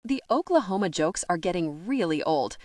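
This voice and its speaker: Expressive woman narrating an audiobook. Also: lowish voice, moderate pace, no room sound, studio quality. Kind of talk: scripted first-person audiobook narration.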